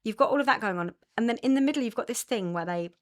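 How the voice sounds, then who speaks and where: A woman's voice: fairly high pitch, expressive, racing. A woman with an English accent, a podcast guest speaking earnestly about her past in candid conversation. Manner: earnest, many restarts, mimics others' voices in quotes. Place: podcast studio.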